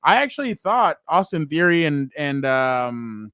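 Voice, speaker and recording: A young man co-hosting a casual sports podcast. He tells stories with excitement, laughs as he goes, and acts out other people's lines. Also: on the high side, measured pace, clear, resonant tone, no room sound. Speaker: podcast co-host.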